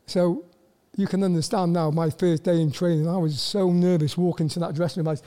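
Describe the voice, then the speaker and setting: An older Welsh man speaks in a high, mellow voice. He tells his stories in a halting way, restarting words and leaning on "you know" as he goes. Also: fairly even intonation. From Wales. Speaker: guest, former footballer. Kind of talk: casual interview storytelling.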